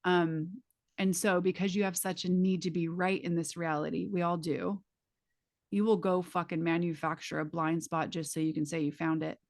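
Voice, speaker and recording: A woman's voice: fairly low pitch, flat delivery, moderate pace. A woman facilitator teaching a live class in a casual, emphatic way, swearing freely and speaking straight to her students through vivid images.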